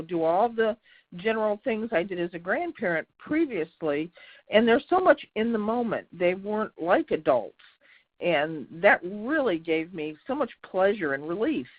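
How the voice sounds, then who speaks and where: An older woman calling in to a webinar, telling a personal story in a calm, storytelling way. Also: mid-range voice, moderate pace, no room sound. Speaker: caller. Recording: dry phone-line sound.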